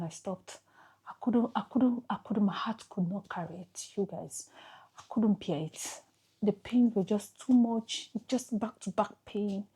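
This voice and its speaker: A Nigerian woman talking straight into her camera. She tells a painful personal story in a halting, emotional way, often repeating a phrase before going on. Her voice is husky and breathy, and her pitch sits in an ordinary middle range. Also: mellow. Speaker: vlogger telling her life story.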